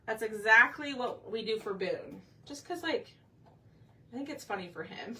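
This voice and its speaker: A woman's voice: a little high, animated, moderate pace. A woman hosting a casual live painting session, chatting and thinking aloud as she works and asking viewers for their opinions. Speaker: craft painting host. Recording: slightly distant mic with faint background noise.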